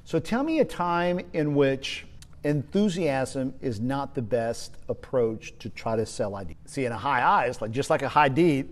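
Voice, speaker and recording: A man giving a spoken leadership lesson, energetic and emphatic, often repeating his key points. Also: medium pitch, moderate pace. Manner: energetic, emphatic, uses repetition. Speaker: leadership trainer.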